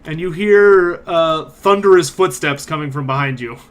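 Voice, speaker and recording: A man with a somewhat high voice narrates a tabletop game as game master. He is animated and lively as he describes the scene. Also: normal speed. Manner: animated, voices every figure.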